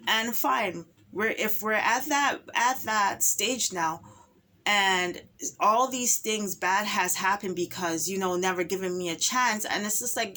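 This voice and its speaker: Woman, medium pitch, impassioned monologue, emphatic and repetitive, with faint background noise. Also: unhurried, sharp tone. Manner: emphatic and repetitive, with rhetorical questions.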